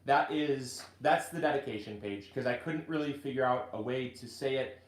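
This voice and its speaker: A man hosting a casual gardening video, chatting in a halting way with many restarts. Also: medium pitch, echoey room. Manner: chatty, halting restarts, gets choked up reading. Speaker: gardening channel host and author. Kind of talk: casual live video chat.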